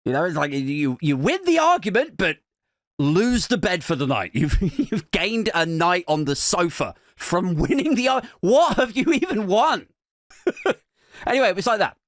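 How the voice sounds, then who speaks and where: A man's voice: sits high, very animated, moderate pace, no room sound, studio quality. A young man hosting a podcast, telling a comic, self-mocking story in a rambling way, with lots of "like". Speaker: podcast host. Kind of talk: comic monologue.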